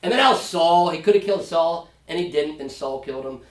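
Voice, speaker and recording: A man's voice: on the high side, brisk. A man, a pastor, leading a casual Sunday school Bible study, talking conversationally and often checking in with his class. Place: church classroom. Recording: roomy, from far off mic.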